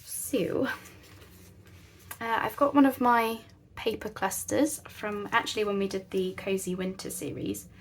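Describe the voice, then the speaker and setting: A woman's voice: medium pitch, steady tone, a little slow. A woman hosting a casual craft tutorial, chatting in a rambling, self-deprecating way at her craft table at home. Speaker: crafting channel host.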